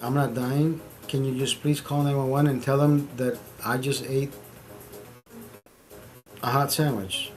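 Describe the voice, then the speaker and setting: A middle-aged man hosting a stream, telling a story in casual, profane, animated talk, repeating phrases for emphasis. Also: medium pitch. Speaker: streamer host.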